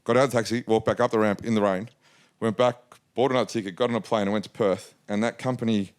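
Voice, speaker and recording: Businessman guest in his forties from Australia, low voice, animated anecdotal delivery. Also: quick pace, smooth. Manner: animated anecdotal, acts out quotes. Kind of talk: casual storytelling interview.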